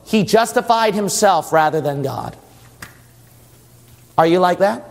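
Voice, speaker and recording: High-voiced preacher in a reverberant hall. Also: male voice, lively intonation, unhurried, creaky. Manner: emphatic, asks the congregation questions. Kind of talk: sermon. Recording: long church reverb.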